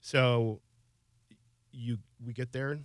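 A man in his forties shares a personal story in casual chat, softly and haltingly, with emotion close to the surface. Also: mid-range voice, steady tone, no room sound. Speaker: guest.

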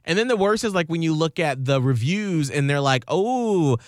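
A man's voice: a little high, animated, normal speed, no echo, studio quality. A man co-hosting a radio show, chatting casually and emphatically, often slipping into quoted voices. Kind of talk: casual chat.

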